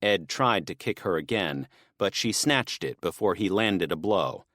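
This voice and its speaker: Low-voiced male audiobook narrator. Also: lively intonation, measured pace, a bit bright, no room sound, clean studio sound. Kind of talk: scripted narration.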